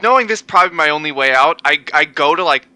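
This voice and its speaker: A man's voice: fairly high pitch, lively intonation, fast talker, sharp tone, smooth, no echo. A man playing a tabletop game, in a playful, defensive manner. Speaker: player.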